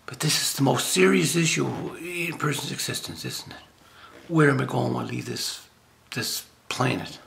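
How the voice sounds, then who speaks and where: Gravelly older man preaching informally. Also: medium pitch, normal speed, a bit bright. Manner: rambling, jokey, with frequent laughs and restarts. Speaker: lay preacher. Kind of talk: informal spiritual talk.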